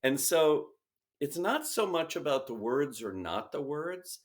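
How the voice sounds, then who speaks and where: A man speaking as an interview guest, emphatic and animated, often switching into quoted voices to make his point. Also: a little high, a little slow. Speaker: sales expert guest. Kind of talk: conversational interview.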